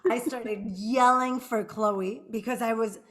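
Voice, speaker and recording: A woman's voice: on the high side, steady tone, a little slow, a bit bright. A woman co-hosting a podcast, chatting and telling a story of her own in a casual, laughing way. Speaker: podcast co-host.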